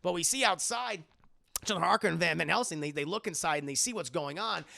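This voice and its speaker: Young streamer, crude animated film recap, high gravelly voice with a bright edge. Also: male voice, fairly quick. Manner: profane, animated storytelling. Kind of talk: casual film recap for a live chat.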